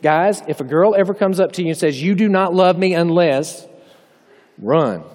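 Southern male preacher, high voice, folksy jokes, chapel echo. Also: brisk, a little mellow. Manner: folksy, joking asides, direct address to the audience. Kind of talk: humorous chapel sermon. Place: chapel hall. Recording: long hall reverb.

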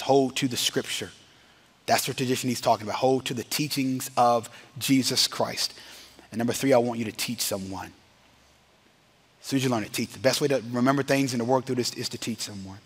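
A man preaching a sermon to a congregation in a chapel, energetic and quick to laugh at himself, stretching out the words of a solemn benediction. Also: medium pitch, husky. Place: chapel or hall with a live audience.

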